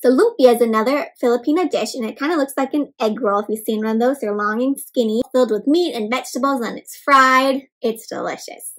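A young adult woman doing an interactive read-aloud for kids, animated, gasping and asking the children questions. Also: a little high, a little fast, few pauses. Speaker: children's storyteller.

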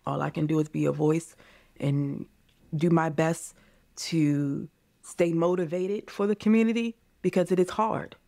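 A woman's voice: low-pitched, steady tone, a little slow, creaky, dark tone, no echo. A woman in her forties from the United States, a podcast guest speaking earnestly and with passion in a candid interview, often calling listeners "you guys.".

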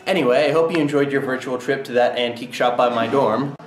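A man's voice: medium pitch, fast, echoey room, faint music behind. A young man in college, vlogging casually and narrating a voiceover with wry, jokey asides. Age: young adult.

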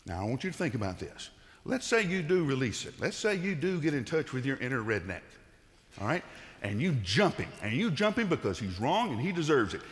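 A male pastor giving a conversational sermon, rising into loud emphatic bursts and dropping to low, quiet tones. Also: sing-song, a little fast, big-room sound.

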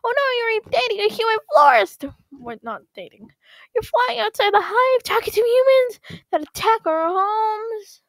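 A woman's voice: sits high, expressive, moderate pace, no room sound. A woman voicing a scolding young male bee friend, reading in an exasperated, lecturing way. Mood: alarmed.

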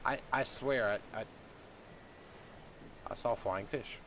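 A man's voice: mid-range voice, unhurried. A man doing in-character game roleplay, coaxing and cheering on his pet creature. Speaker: roleplaying gamer. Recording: loud game wind and ocean noise.

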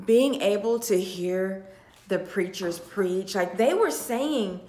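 A young woman talking tearfully to her phone camera, sighing and heartfelt, repeating herself as she goes from hushed to loud. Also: mid-range voice, animated, a little slow. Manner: heartfelt, repetitive, swinging between hushed and loud. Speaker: vlogger. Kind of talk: emotional talk to camera. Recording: roomy echo.

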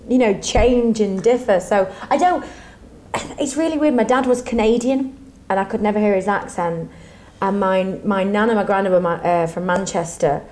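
Woman, northern English accent, mid pitch, musical theatre guest, bubbly, jokes about herself. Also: measured pace, a little mellow. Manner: bubbly, self-mocking. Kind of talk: casual interview chat.

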